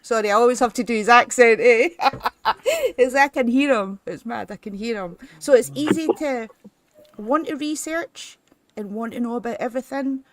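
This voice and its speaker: A woman hosting a live stream tribute, talking in a chatty, casual way with quick laughing asides. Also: fairly high pitch, expressive. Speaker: stream host. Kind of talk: casual chat.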